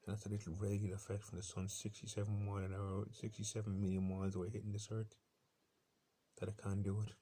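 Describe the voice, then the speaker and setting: A man's voice: on the low side, monotone, fast, dark tone. A man with an Irish accent delivering an intense, defiant, rambling personal monologue, with faint bird sounds from a laptop behind him.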